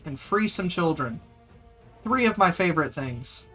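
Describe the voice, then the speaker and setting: A man's voice: fairly high pitch, expressive, a little slow, a bit bright, faint music behind. Brief: a male streamer, loose and jokey, chatting with viewers between tasks. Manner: joking, chatty, talks to viewers. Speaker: game streamer. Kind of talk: casual gameplay commentary.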